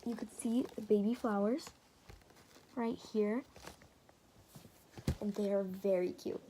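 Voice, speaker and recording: A woman's voice: mid-range voice, steady tone, slow pace, warm tone, slight background noise. A woman hosting a casual DIY craft tutorial, chatting her way through each step and correcting herself as she goes.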